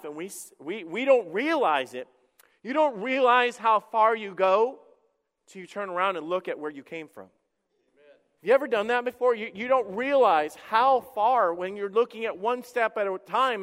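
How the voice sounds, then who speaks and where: A long hall echo surrounds this middle-aged pastor as he gives a sermon from the stage in a church sanctuary. His voice is high, smooth, resonant and fairly bright, and he tells stories chattily, poking fun at himself and often restarting quickly.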